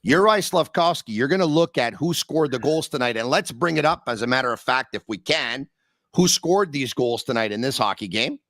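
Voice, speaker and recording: A man hosting a hockey podcast, talking with excitable energy and sudden swings in pitch. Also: moderate pace, dry recording, clean studio sound. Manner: excitable, sings and shouts bits, big pitch swings. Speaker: podcast host. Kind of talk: energetic sports talk.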